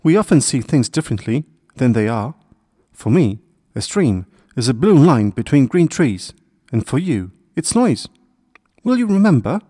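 A man's voice: medium pitch, sing-song, normal speed, a little mellow, dry recording, studio quality. A man voicing a proud, self-important little male sparrow who talks in a lofty, lecturing way in a children's story. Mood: philosophical. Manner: lofty, lecturing, a bit evasive. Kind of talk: storybook character voice.

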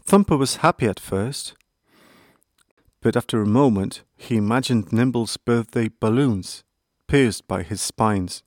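A man narrating a children's bedtime story in a calm, measured way. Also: fairly low pitch, no room sound, studio quality.

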